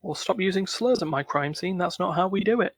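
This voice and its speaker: A man's voice: high voice, a little fast, no room sound, studio quality. A man playing a story game, reading its narration aloud and chatting casually with his co-player between lines. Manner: reads narration aloud, then chats and jokes. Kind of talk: casual let's-play narration.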